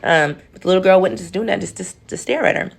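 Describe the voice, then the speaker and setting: A woman's voice: on the low side, fast, gravelly. A woman telling a story in a casual vlog, chatty and talking to her viewers like family, acting out the people in her story. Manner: acts out the people in her story in different voices. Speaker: storytelling content creator.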